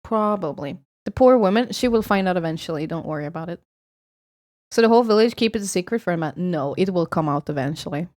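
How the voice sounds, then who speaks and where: A woman's voice: medium pitch, lively intonation, fast talker, a little mellow. Swedish accent woman streaming, rambly casual chat, swears a lot. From Sweden.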